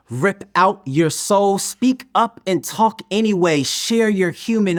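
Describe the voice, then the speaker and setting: A man performing spoken word poetry in a slow, measured, deliberate recitation. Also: high-pitched.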